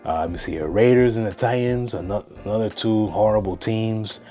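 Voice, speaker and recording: A man casually talking through sports picks on his own channel, slangy and animated, dropping Spanish phrases. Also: on the low side, brisk, faint music behind. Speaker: sports vlogger.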